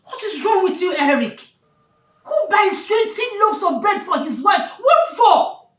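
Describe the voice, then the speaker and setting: A woman's voice: extremely high pitch, big pitch swings, unhurried, a bit bright, heavily acted. An actress playing an exasperated wife who scolds her husband and repeats herself. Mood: indignant. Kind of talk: Nollywood film acting. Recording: echoey room, distant mic.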